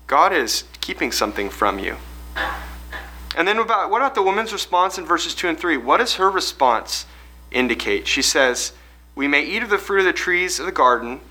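Man, Bible study leader, very bright voice, slightly high pitch, questioning and explanatory. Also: a little fast, rough recording. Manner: questioning, explanatory, restarts phrases. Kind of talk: leading a group Bible study.

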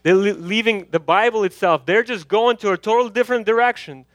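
Earnest high-voiced male preacher. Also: brisk, fairly bright tone, no echo. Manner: earnest, urgent preaching with frequent fillers. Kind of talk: evening sermon with prayer.

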